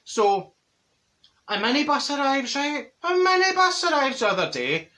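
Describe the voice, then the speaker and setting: A man's voice: very high-pitched, very animated, normal speed, pushed and bright, heavily acted. A man voicing a chatty, brash middle-aged Glasgow woman with a Glaswegian Scottish accent, telling gossipy stories to camera in an exaggerated comic manner. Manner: gossipy, exaggerated, bursts of laughter, theatrical outbursts. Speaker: comedy character monologue. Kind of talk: comic character monologue to camera.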